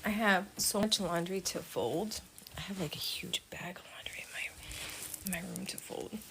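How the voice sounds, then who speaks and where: A woman's voice: on the low side, moderate pace, whispered. Chatty mother on a home livestream. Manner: chatty and motherly, talks to her child and to viewers. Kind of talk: casual livestream chat.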